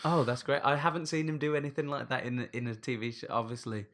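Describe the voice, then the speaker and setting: A man, leading a relaxed podcast chat. He laughs easily and pauses on fillers as he gathers his thoughts. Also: mid-range voice. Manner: chatty, laughing, hesitant fillers. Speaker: podcast host. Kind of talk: casual chat.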